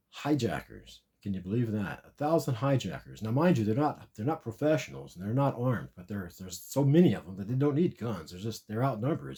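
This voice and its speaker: A man with a low, dark, mellow voice spins a long comic tale about a dream. He rambles, repeats himself and restarts sentences as he goes. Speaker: storyteller recounting a dream.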